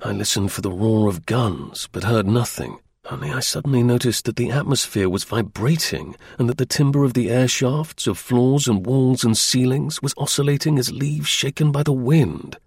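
A man narrating a first-person adventure story as an audiobook in a measured, even storytelling manner, with a husky voice. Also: medium pitch, dry recording, studio quality.

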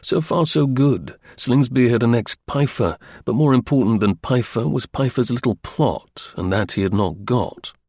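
In a dry, studio-quality recording, a mid-range male voice reads an audiobook. He tells the story in a steady, measured way.

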